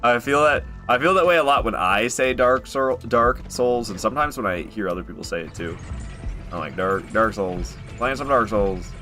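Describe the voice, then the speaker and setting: A man's voice: medium pitch, expressive, brisk, pushed and bright, faint music behind. A man streaming a video game, rambling and joking through casual commentary and swearing freely.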